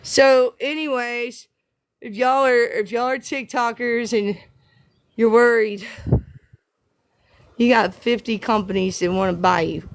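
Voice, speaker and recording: A woman from the American South with a Southern accent, hosting a casual livestream and talking to her viewers in an emotional, halting, teary way. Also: on the high side, fairly even intonation. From Southern United States. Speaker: livestream host.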